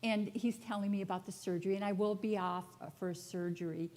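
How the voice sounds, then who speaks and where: A woman's voice: medium pitch, fairly even intonation, brisk, a little mellow. A woman spiritual director giving a personal sermon to a congregation in a church, telling her story in a candid, chatty way with touches of humor. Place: church sanctuary before a congregation.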